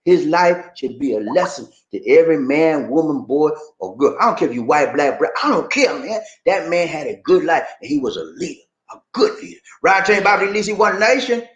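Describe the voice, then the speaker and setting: A man hosting a casual livestream and reading viewer comments, animated and prone to repeating phrases. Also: a little high, fairly quick, hardly any pauses, dull audio. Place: home in the Philippines. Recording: echoey room.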